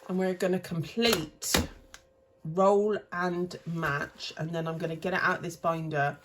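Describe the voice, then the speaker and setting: Low-voiced chatty woman. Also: fairly even intonation, measured pace, slight background noise. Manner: chatty and rambling, self-correcting. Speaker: cash stuffing vlogger. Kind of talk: casual chat while budgeting.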